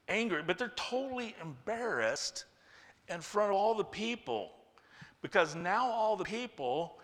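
Animated male preacher in a reverberant hall. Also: sits high. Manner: animated, acts out quoted voices. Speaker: pastor. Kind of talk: sermon.

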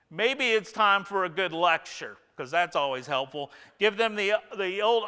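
A man's voice: sits high, lively intonation, moderate pace, hardly any pauses, sharp tone, clean tone, in a large hall. A man preaching a sermon as pastor, talking conversationally and asking his listeners rhetorical questions.

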